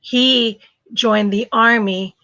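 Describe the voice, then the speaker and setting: Bright, laughing woman telling her story. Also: on the high side, slow pace, no echo, highs cut off. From refugee from a communist country, raised in the US. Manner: animated storytelling, laughs often, searches for words. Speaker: host. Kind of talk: casual live chat.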